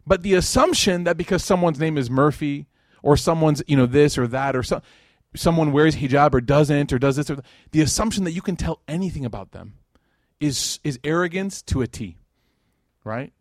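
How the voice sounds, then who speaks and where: Male lecturer, higher voice, dry close sound, animated casual storyteller. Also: no room sound. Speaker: Islamic lecturer. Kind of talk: religious lecture to a live audience.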